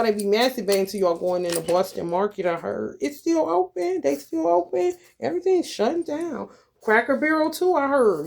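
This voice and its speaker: A woman's voice: mid-range voice, darkish tone. A woman tarot reader giving casual advice in a blunt, rambling, profane way, calling her listeners honey.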